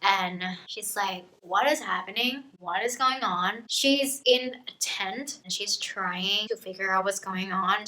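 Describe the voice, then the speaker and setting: A woman's voice: fairly high pitch, pushed and bright, poor audio. A young woman giving a casual book summary in a chaotic, chatty, profane way. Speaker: book vlogger.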